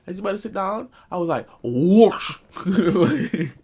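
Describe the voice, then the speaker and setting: A man's voice: sits high, moderate pace, a little mellow, husky. A young man telling a comic school story in a storytime vlog, acting out quotes. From Jamaican family, Caribbean community. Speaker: vlogger.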